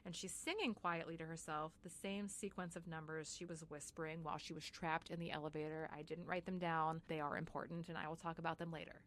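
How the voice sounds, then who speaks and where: A woman's voice: sits low, fairly even intonation, fairly quick, few pauses, fairly bright tone, a little hiss or hum. A woman co-hosting a podcast, retelling a book in casual chat with lots of "like" and frequent swearing. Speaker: podcast co-host.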